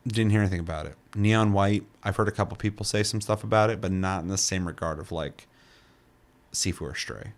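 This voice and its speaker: A young man chatting loosely on a casual podcast, his voice sitting on the low side. He rambles, restarts his sentences and swears in passing. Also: brisk. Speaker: co-host.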